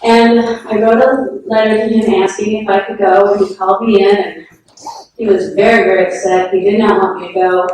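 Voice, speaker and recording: A woman's voice: mid-range voice, fairly even intonation, normal speed, a little mellow, slight background noise. A woman telling personal anecdotes at a memorial gathering in a frank, self-deprecating way, often laughing. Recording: echoey hall from far off.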